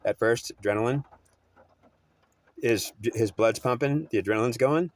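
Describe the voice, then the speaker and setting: A man's voice: mid-range voice, normal speed. A man telling a story in a rambling, repetitive way, often restarting and correcting himself. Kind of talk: oral storytelling.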